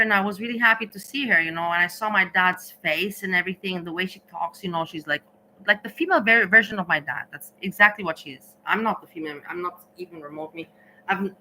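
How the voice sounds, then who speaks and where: Woman vlogger, tired and rambling, bright, forceful tone. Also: mid-range voice, slight background noise, poor audio. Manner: rambling, halting, many restarts and fillers. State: tired, slow thinking. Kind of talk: casual rambling vlog chat.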